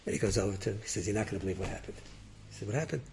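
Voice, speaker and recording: Gravelly man telling a lively story. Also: lowish voice, very fast, slight background noise. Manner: lively, acts out characters with rising excited voices and laughs. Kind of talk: animated oral storytelling.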